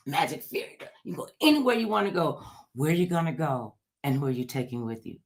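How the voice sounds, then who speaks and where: Woman, talk show host, casual chat, lively comic storyteller, acts out voices. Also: sits low, fast.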